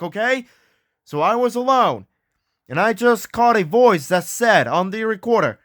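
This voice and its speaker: A man hosts a homemade ghost hunt in a high, slow-paced voice. He is excitable and often yells out names. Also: dry recording, clean studio sound. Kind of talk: acted ghost hunt narration.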